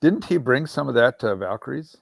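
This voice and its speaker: A man's voice: mid-range voice, animated, fairly quick, creaky. A man co-hosting a casual podcast chat, with dry, matter-of-fact remarks.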